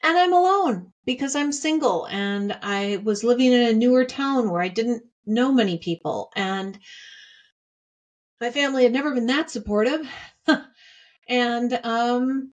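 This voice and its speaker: A woman's voice: a little high, a little slow. Woman telling a story with emphatic repetition. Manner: emphatic, repeats phrases for stress; candid and heartfelt. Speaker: podcast host. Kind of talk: personal storytelling chat.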